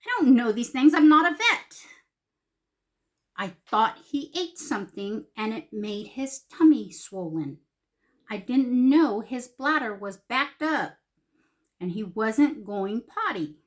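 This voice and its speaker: A woman's voice: fairly high pitch, slow. Woman vlogger, chatty and salty, tells a story at her makeup desk at home, breaks into laughs. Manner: salty, laughing, animated voices for quotes. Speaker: beauty vlogger. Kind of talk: casual storytelling while doing makeup.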